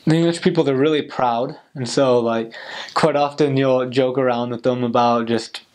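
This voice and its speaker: A man's voice: medium pitch, steady tone, moderate pace, darkish tone. A young American man, a returned missionary, giving casual advice in a chatty way full of "like" fillers. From United States.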